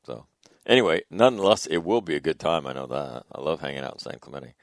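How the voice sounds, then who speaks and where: A man's voice: extremely low pitch, expressive, quick pace, vocal fry, dry recording, studio quality. A middle-aged man, a radio host telling a rambling, chatty anecdote with wry asides. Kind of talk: casual on-air storytelling.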